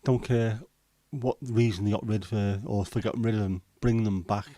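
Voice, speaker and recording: A middle-aged man chats casually on a livestream, joking and rambling through viewers' comments. His voice sits a little low and sounds mellow and warm. The sound is close and dry, with no room around it. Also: steady tone, brisk, dry recording. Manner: chatty, jokey, rambling with small asides. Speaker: livestream host.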